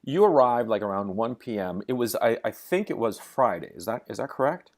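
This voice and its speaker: A man's voice: mid-range voice, big pitch swings, brisk. A man leads an interview with careful, probing questions. He checks facts step by step and often repeats a question to confirm the details. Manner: methodical, checks facts and timeline.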